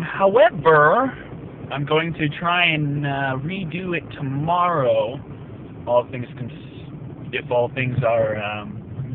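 A man rambles through a casual vlog from the driver's seat, joking at his own expense in a slightly raised, somewhat worn voice. The sound is thin and tinny, like a phone line, with a faint engine rumble underneath. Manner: rambling, self-mocking, jokey asides. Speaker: vlogger. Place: inside a car while driving. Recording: tinny phone-like car recording.

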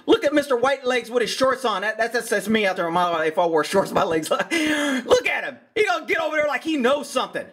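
A man's voice: very high-pitched, fairly bright tone. A man giving blunt, exasperated commentary over a video, swearing often. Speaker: horse trainer and commentator.

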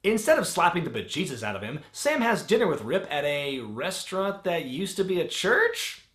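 A man's voice: fairly high pitch, big pitch swings, moderate pace, a bit bright. A man hosting a comedic movie review, narrating in a sarcastic, wisecracking way. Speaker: host. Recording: roomy with music bed.

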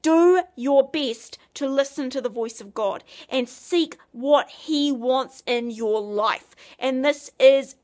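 High-voiced woman giving a devotional talk. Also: takes it slowly, few pauses. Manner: earnest, conversational, animated. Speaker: Christian speaker.

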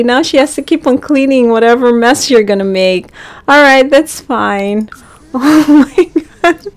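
A woman giving casual gameplay commentary, chatting to the characters on screen and bursting into excited exclamations. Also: on the high side, unhurried. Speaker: gaming channel host.

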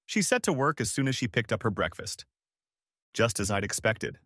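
A man narrating a first-person dramatic audiobook story in a measured, expressive way. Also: fairly low pitch, no echo, clean studio sound.

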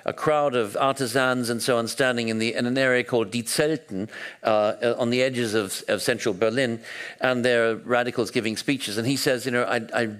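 Man telling history with lively restarts. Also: mid-range voice. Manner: animated storytelling with frequent restarts and hesitations. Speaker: historian giving a talk. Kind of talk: public lecture, storytelling.

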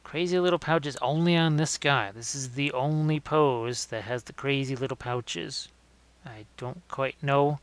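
Smooth-voiced man demonstrating painting. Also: mid-range voice, unhurried, no echo. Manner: relaxed, thinking aloud while working, self-correcting. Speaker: miniature painting instructor. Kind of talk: live-streamed painting demonstration.

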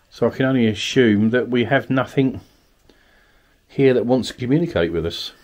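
Exploring an abandoned cottage at night, a Kent man on a ghost hunt politely addresses the spirits, urging them to respond. He speaks at a moderate pace in a medium-pitched, darkish voice with lively intonation.

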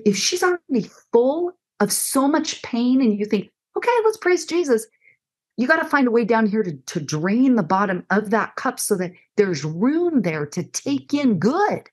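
Animated woman counselor acting out quotes. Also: fairly high pitch. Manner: animated, acts out quoted dialogue in shifting voices. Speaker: counselor and guest speaker. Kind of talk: conversational teaching on a faith podcast.

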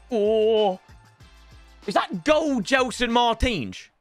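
A young man with a high, bright voice gives live gaming commentary. He swings his pitch wildly, yelling at the match and cracking jokes. Faint game music plays behind him. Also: normal speed. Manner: excitable, shouts at the game, jokey banter. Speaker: gaming streamer.

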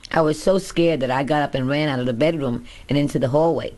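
Reading from her memoir, a woman speaks quickly in a low, slightly mellow voice. It's a candid, first-person audiobook narration by the author herself.

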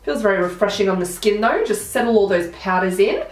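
A woman's voice: medium pitch, expressive, a little fast, roomy sound, soft background music. A young woman with a blocked nose, chatting through a makeup tutorial as she applies each product. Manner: chatty, narrating each step as she works. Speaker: beauty vlogger.

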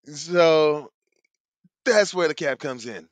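A man co-hosting a casual podcast, laying out skeptical, profane takes in a drawn-out way. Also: a little high, lively intonation, dry recording. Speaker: podcast co-host.

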